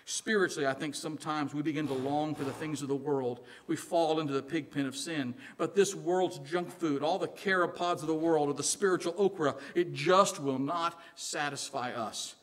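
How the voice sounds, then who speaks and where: A man from Illinois with a Southern accent, preaching a sermon in an animated, joking way, dropping quiet for emphasis. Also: fairly high pitch, moderate pace, few pauses. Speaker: pastor.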